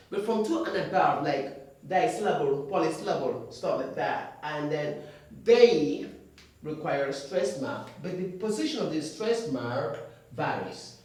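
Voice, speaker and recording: A man teaching English pronunciation in a classroom, drilling words by repeating them with emphatic stresses. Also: fairly high pitch. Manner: slow, emphatic delivery with sudden loud stresses. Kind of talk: classroom lesson. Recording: echoey room, mic far off.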